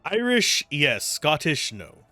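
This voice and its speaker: Man, game streamer, chatty and wry, bright tone, dry sound, faint music. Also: on the high side, huge pitch swings, slow, dry recording. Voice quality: chatty, wry, self-amused. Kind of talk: casual gameplay commentary.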